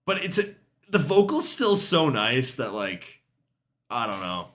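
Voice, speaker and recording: A man's voice: mid-range voice, sing-song, unhurried, fairly bright tone. A young man streaming music reviews in casual chat, laid-back, swearing freely and trailing off with shrugging asides.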